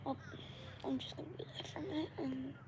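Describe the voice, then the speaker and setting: A woman's voice: high-pitched, steady tone, fast, noisy background. A young woman chatting casually to viewers during a live Q&A stream. She rambles from thought to thought and sometimes drops into a whisper. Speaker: livestream host.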